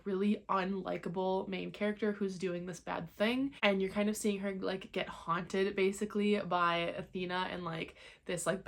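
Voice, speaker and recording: A young woman chatting casually in a reading vlog at home, talking in a loose, chatty way with lots of filler words. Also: mid-range voice. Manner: chatty, many "like" fillers, laughs easily. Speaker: book vlogger.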